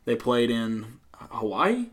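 A man's voice: mid-range voice, very animated, slow pace, breathy edge. A young man from Tennessee co-hosting a casual sports podcast, rambling with many fillers. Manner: rambling, many fillers, mock-yells impressions. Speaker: podcast co-host.

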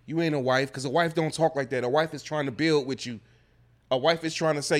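Guy going off on a podcast, blunt and heated, a bit high-pitched. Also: fairly even intonation, brisk. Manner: blunt, fired-up, repeats his points. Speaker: podcast co-host. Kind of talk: heated casual podcast rant.

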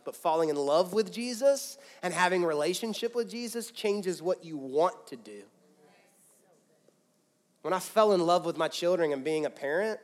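An emphatic pastor with a fairly high male voice delivers a sermon to a congregation in a church auditorium. His preaching swings widely between loud and soft.

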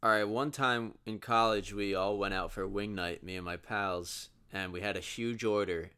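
A man's voice: fairly low pitch, fairly even intonation, moderate pace, pushed and bright, smooth. A man in his twenties co-hosting a casual podcast, joking and teasing. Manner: jokey, mocking voices. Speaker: podcast co-host. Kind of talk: casual chat.

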